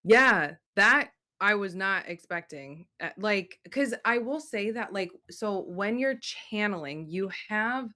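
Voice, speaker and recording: A woman's voice: medium pitch, expressive, slow pace, hardly any pauses, pushed and bright. A woman host of a spiritual channeling session, speaking in an earnest, flowing, reflective way on a video call. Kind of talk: casual group video chat.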